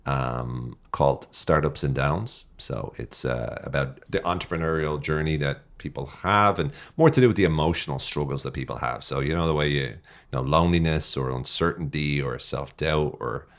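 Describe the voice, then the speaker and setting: A man's voice: extremely low pitch, normal speed. An Irish man, a podcast guest and author, chatting casually in a joking, self-deprecating way with many fillers. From Ireland. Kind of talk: casual interview chat.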